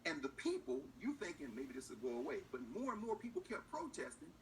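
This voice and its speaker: A man giving animated political commentary, acting out officials in mocking voices with emphasis. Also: on the high side, fairly quick, a little hiss or hum. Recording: distant mic with faint room ambience.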